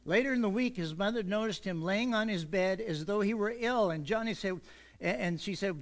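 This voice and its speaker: A man with a notably high voice delivers a church sermon. He eases in with light jokes and casual asides, then slows right down to lean on the key words. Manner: warms up with jokes, easygoing asides. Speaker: pastor. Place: church sanctuary.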